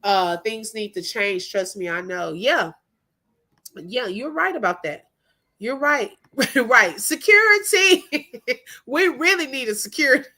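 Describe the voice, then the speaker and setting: Woman host, middle-aged, higher voice, lively and chatty, greets her viewers. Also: a little slow. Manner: animated, laughs often, greets viewers. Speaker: livestream host. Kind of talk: casual live-stream chat.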